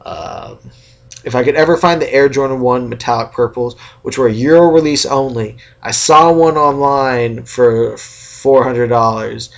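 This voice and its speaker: A young man from California talking casually into the camera in a vlog rant, chatty and animated, acting out how other people react. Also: mid-range voice, unhurried, creaky. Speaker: sneaker vlogger.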